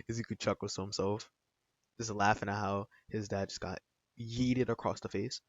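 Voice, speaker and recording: A man's voice: on the low side, steady tone, moderate pace, no echo. A man casually retelling a fan story in a rambling, slangy way with many fillers. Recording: dull, dry lo-fi recording.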